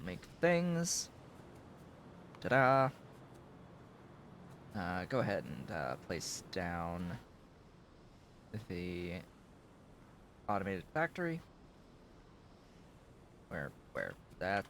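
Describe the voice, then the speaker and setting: Man, deep voice, unhurried, hoarse and fading, muttering to himself, faint background hum. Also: sing-song, a bit bright. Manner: mumbling to himself while building. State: losing his voice. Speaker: game streamer. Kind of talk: casual gameplay commentary.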